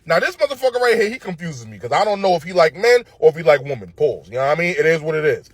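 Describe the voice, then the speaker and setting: A show commentator rants casually about cartoon characters, profane and opinionated, packing in slang and tag questions. His voice is a little high, sing-song, husky and rapid-fire, with no echo.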